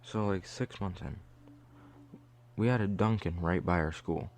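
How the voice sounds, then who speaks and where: Deep-voiced young man telling a casual story. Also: a little slow, darkish tone. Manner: loose, chatty, heavy use of "like". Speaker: vlogger.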